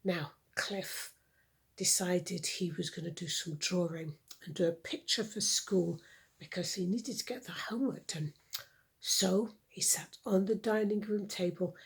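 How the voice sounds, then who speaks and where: A woman telling a children's story in a hushed, often whispering voice. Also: lowish voice, a little slow, vocal fry, slightly rough. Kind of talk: reading a story to kids.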